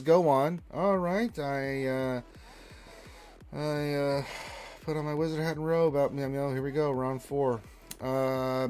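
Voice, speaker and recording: A man's voice: mid-range voice, clean tone. A man co-hosting a casual livestream, reading out viewer greetings and chatting with a rambling, opinionated manner. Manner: reads chat names and greetings aloud, rambling and opinionated. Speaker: livestream co-host.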